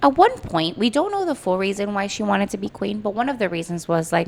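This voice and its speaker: Animated woman book podcast co-host. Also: medium pitch, a little fast, a little hiss or hum. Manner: animated ranting, voices characters in asides. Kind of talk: casual chat recapping a book.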